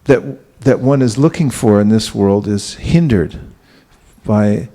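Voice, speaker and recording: Male spiritual teacher, easygoing sermon style, warm dark tone with a gravelly edge, quizzes the room. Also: fairly low pitch, slow pace. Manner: relaxed, asks the audience questions, chuckles. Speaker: spiritual teacher giving a class. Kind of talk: conversational sermon.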